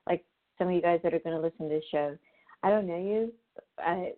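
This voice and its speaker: A woman's voice: lowish voice, fairly quick. A woman hosting a show, talking casually in a rambling way with lots of fillers and restarts. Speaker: show host. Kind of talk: casual spoken monologue. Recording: tinny phone-line sound.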